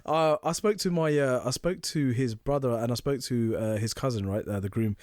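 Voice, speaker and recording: A man co-hosting a podcast, telling animated stories and laughing often. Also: medium pitch, normal speed, no room sound, clean studio sound. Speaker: podcast co-host. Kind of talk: casual chat.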